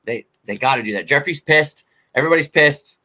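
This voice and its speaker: A man hosting a sports talk show, giving a blunt, animated fan rant in casual chat with plenty of fillers. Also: fairly high pitch, a little fast. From Philadelphia. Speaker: sports podcast host.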